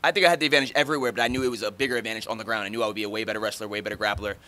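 A man's voice: lowish voice, fairly even intonation, pushed and bright. A man in his thirties answering reporters after a fight, blunt, talkative and swearing freely. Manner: blunt, profane, fast and talkative. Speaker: fighter at post-fight press conference. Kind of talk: casual post-fight interview answers.

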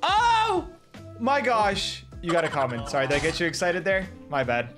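High-voiced hyped gaming host, man. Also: big pitch swings, brisk, over music. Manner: hyped, shouty announcing, teasing. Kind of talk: excited gaming video commentary.

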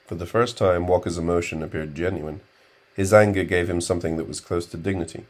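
A man reading an audiobook in a measured, subdued narration. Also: low voice, fairly even intonation. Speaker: audiobook reader.

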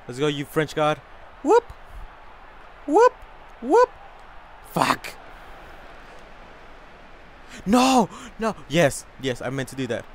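A man commenting on a video game he is playing. He talks in an excitable way, yells a lot and swears often. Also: a little high, unhurried, long pauses, slight background noise. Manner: excitable, yelling and cursing a lot. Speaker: gaming channel host.

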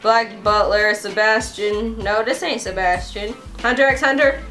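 A young woman vlogger with an excitable, profane, playful way of talking, taking a quiz and joking through it. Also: medium pitch, soft background music. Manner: excitable and profane, swearing constantly; playful, quick swings between mock outrage and giggles. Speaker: YouTuber taking an online quiz. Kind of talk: casual vlog commentary.

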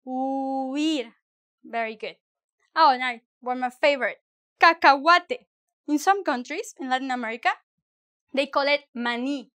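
A high-pitched woman teaches vocabulary in a relaxed video lesson. She chats along and corrects herself, then slows right down to say each example word carefully and clearly. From Mexico. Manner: animated, slow careful pronunciation of example words; chatty with self-corrections and small laughs. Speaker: Spanish teacher.

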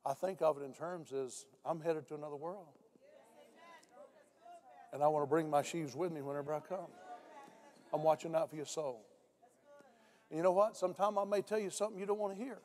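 Older preacher with a raised, ringing pitch. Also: male voice, fairly even intonation, fairly quick, pauses often, darkish tone. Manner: storytelling preacher, voice drops low for quoted speech. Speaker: pastor. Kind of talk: sermon. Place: church sanctuary.

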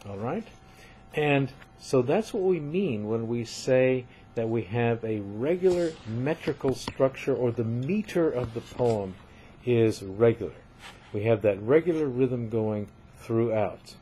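An older male lecturer who talks slowly and methodically, with a mid-range voice. He keeps pausing to check his listeners are following. A faint hiss sits behind the recording. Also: medium pitch, dark tone. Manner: methodical, often checking with "right?".

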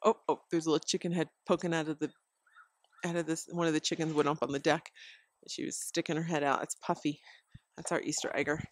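A woman with a low-sitting voice and level tone talks fast as she gives laid-back parenting advice to the camera. This homeschooling vlogger rambles with many fillers and frequent chuckles, standing outdoors at home by a deck with chickens.

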